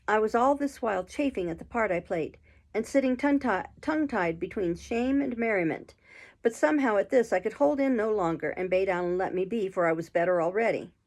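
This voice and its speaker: A woman reading a classic adventure novel aloud with steady, measured pacing. Her voice sits at an ordinary middle pitch. She tells the story plainly and clearly.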